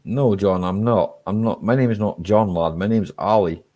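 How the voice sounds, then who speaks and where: A Scottish man hosting a casual live-stream chat, relaxed and chatty, laughing easily and tagging his sentences with "eh?". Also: on the low side, normal speed. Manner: relaxed and chatty, ends lines with "eh?".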